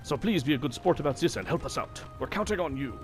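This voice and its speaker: A man's voice: on the high side, lively intonation, fast, over music, pitched above the performer's own voice. A man reading a cheerful female camp quartermaster's lines in a mock old-time French stage accent. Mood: hammy. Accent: mock French, old-time stage style. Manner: theatrical read of on-screen dialogue.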